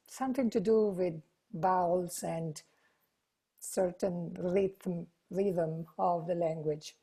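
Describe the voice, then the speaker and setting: A woman's voice: medium pitch, darkish tone, husky. A woman teaching an online language lesson, patiently explaining and drilling verb forms aloud. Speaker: Italian teacher.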